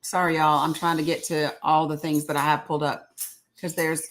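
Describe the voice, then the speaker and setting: A woman's voice: low-pitched, little pitch movement, brisk, low-quality recording. A woman host, chatting casually to viewers and reading statements aloud. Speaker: show host. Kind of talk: casual live-stream commentary.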